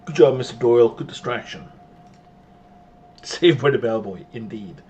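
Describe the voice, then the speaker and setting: A man's voice: mid-range voice, animated, normal speed, darkish tone, distant mic, a little hiss or hum. A man commenting as he plays a game and reads its dialogue aloud, with wry, skeptical asides. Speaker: game streamer. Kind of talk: let's play commentary and reading dialogue.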